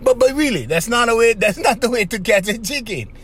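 A man hosting a podcast, giving casual advice in an animated monologue, laughing often and acting out little voices. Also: very high voice, brisk, husky. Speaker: podcast host.

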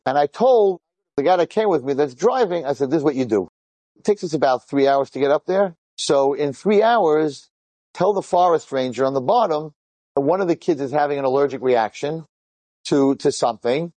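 Middle-aged rabbi guy telling a story to a crowd, acts out all the lines, kinda high voice, dry sound. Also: dry recording. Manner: animated, acts out the dialogue in quick bursts. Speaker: rabbi and teacher. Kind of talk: inspirational storytelling to an audience.

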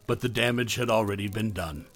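A man narrating a first-person horror story in a measured, dramatic way. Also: lowish voice, a bit bright, slight background noise.

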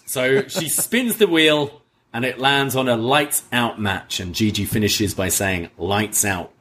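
A man's voice: mid-range voice, expressive, unhurried, pushed and bright, a little hiss or hum. A man co-hosting a casual wrestling review podcast, retelling scenes and laughing often. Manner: recounts scenes with quoted lines, laughs often. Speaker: podcast co-host.

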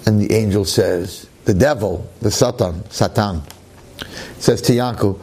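A man telling a parable like a preacher, dramatic and slowing down for emphasis. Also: lowish voice, darkish tone, husky. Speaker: storyteller, preacher.

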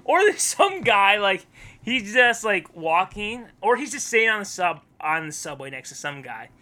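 A woman's voice: medium pitch, sing-song, moderate pace, pushed and bright. A woman co-hosting a podcast in casual chat, acting out silly characters with big voices. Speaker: podcast co-host.

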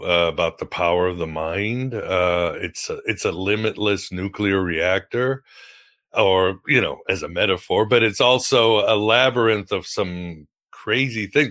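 A man hosting a podcast, with a fairly low voice that still carries a bright, forward edge. He muses aloud and hesitates with frequent fillers, now and then letting out a light chuckle. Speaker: podcast host. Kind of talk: casual podcast interview.

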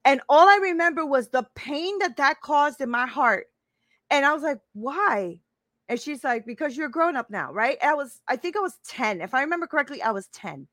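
A woman's voice: sits high, expressive, a little fast, fairly bright tone, no room sound. A woman in her fifties, a life coach talking casually to a live-stream audience, emphatic and repeating her phrases, often checking in with "right?". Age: 50s.

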